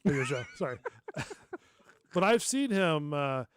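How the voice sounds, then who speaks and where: Halting man hosting a radio show. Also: fairly high pitch, very animated, slight background noise. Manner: halting, restarts sentences. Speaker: show host. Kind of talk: casual radio chat.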